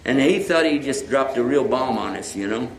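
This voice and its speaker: Animated male preacher in an echoey hall. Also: medium pitch, normal speed, vocal fry. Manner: animated, acting out both sides of a conversation. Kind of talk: storytelling talk to a live audience. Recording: echoey hall with faint noise.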